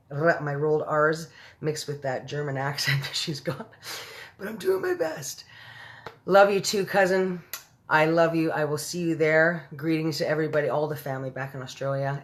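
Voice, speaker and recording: Woman host, low voice, signing off a live stream, affectionate and chatty with her viewers. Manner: affectionate, chatty, calls viewers babe and honey.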